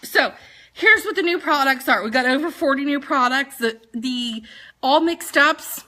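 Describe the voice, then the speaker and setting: A woman, chatting casually through a product rundown with quick jokes and asides. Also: high voice, expressive, pushed and bright. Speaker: sales consultant presenting products.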